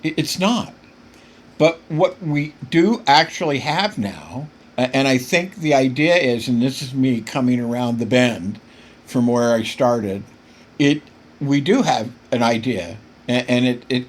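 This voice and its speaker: A man's voice: medium pitch, lively intonation, a little slow. A man hosting a political podcast, delivering impassioned commentary that keeps getting worked up, with frequent stumbles and repeated words. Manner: emphatic, gets worked up.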